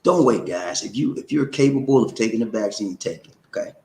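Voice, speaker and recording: A man hosting a casual livestream who talks loosely and animatedly, jumping up high when he gets worked up. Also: a little fast, creaky, echoey room, poor audio. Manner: animated, swings up high when excited, says "man" and "okay?". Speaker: livestream host.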